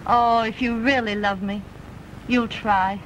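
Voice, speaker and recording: A woman's voice: a little high, steady tone, slow, low-quality recording. An actress playing a spoiled, persistent rich young woman in a 1930s film, coaxing and pleading. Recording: old film soundtrack with faint hiss.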